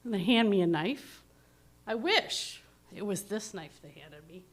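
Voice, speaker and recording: A woman's voice: medium pitch, measured pace. Chatty woman telling a story onstage. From Ontario, Canada. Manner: chatty, self-deprecating, animated. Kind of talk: live storytelling at an open mic.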